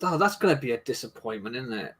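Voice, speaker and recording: A man's voice: medium pitch, very animated, quick pace, a bit bright, slightly rough. A man co-hosting a casual live-stream chat. He tells stories in a rambling way, often trailing off and restarting. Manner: chatty storyteller, trails off and restarts. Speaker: stream co-host.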